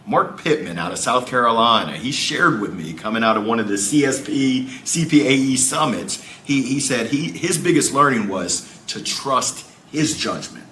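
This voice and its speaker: Upbeat male guest, animated storyteller, roomy sound with faint ambient noise. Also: medium pitch, moderate pace, few pauses. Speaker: guest speaker. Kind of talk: lively interview conversation.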